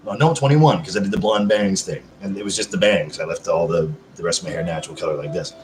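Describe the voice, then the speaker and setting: A man's voice: deep voice, fast talker, background noise. A man hosting a casual live chat, rambling, swearing freely and answering viewer comments. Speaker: livestream host. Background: background music.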